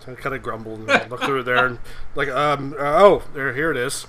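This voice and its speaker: Hesitant male game player, loud table chatter. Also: mid-range voice, lively intonation, normal speed. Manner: hesitant and filler-heavy. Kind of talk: casual chat at a game table.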